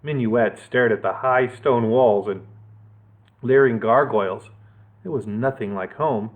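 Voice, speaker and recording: A male children's librarian reading a picture book aloud, animated and playful with asides. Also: medium pitch, measured pace, phone-quality sound.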